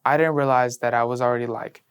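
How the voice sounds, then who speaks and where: This recent high school grad, still in his late teens, tells his faith story in an interview at a quick clip with a clean tone. He's earnest, leans heavily on "like," and alternates between soft and animated delivery.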